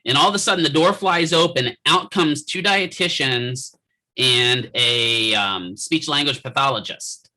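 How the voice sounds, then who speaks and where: A man's voice: medium pitch, measured pace, pushed and bright, rough recording. A man lecturing students on physical therapy from his office, joking and checking in with frequent rhetorical questions. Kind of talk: classroom lecture with anecdotes.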